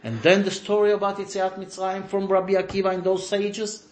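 A rabbi teaching an informal religious class tells stories and performs the dialogue, breaking into laughing outbursts. His voice sits high with a completely flat delivery, moves fairly quickly, and echoes around the room.

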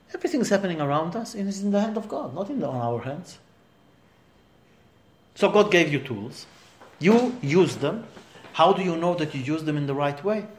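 A man's voice: high-pitched, roomy sound. A man, a rabbi giving a Torah class to a small group, talking emphatically and asking rhetorical questions.

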